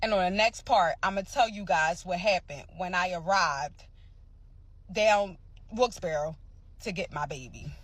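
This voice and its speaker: A woman from the area, telling a dramatic personal story in a casual, animated way. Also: on the low side, a little slow, no room sound. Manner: animated, dramatic retelling with sound effects and quoted voices.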